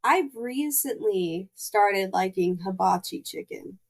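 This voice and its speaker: A woman's voice: mid-range voice, expressive, slow. A young woman co-hosting a podcast, chatting casually, teasing and laughing easily. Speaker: podcast co-host.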